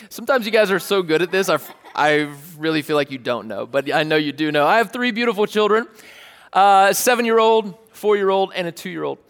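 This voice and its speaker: Pastor, male, a bit high-pitched, animated storyteller in a sermon, big reverberant church hall. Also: fairly quick. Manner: animated, plays out scenes with sudden shouts. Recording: long reverb of a large hall.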